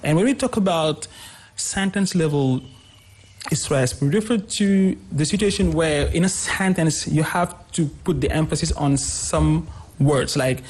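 A man's voice: on the high side, unhurried, a little mellow, slightly rough. A man explaining English pronunciation on a radio lesson, repeating example words with fillers. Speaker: English teacher guest.

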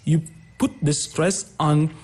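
Husky-voiced man teaching pronunciation. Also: fairly high pitch, steady tone, slow, darkish tone. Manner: explains patiently, repeats example words several times. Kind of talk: explaining word stress in a lesson.

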